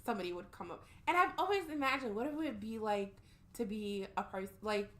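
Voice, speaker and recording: A woman with a mid-range voice guests on a casual podcast. She is playful and upbeat and spins quick anecdotes. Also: mid-range voice, expressive, fairly bright tone. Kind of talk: casual chat.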